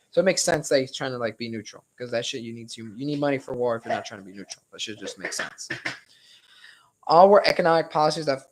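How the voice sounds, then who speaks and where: A young man running a relaxed study session, talking in a loose, rambling way with plenty of swearing and shrugging hedges. His voice sounds a bit worn and strained, and it sits at an ordinary middle pitch. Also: rough recording. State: slightly strained voice. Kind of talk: casual study-session lecture.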